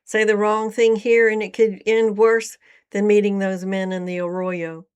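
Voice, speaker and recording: A woman voicing a wary middle-aged male traveler who gives quiet, guarded warnings in a storybook reading. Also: mid-range voice, level tone, a little slow, clear, resonant tone, lightly acted.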